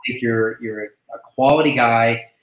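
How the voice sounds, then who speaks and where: A man hosting a casual online chat who talks effusively, halting often to restart his sentences. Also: mid-range voice, steady tone, roomy sound, low-quality recording. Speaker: host welcoming a new agent.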